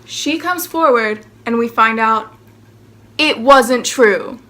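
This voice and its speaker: A woman's voice: on the high side, slow pace, bright, forceful tone. A young woman in her late teens telling a casual storytime vlog, sarcastic and profane, full of "like" and mocking impressions. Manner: profane, sarcastic, constant filler "like"; breaks into exaggerated impressions of others. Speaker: vlogger.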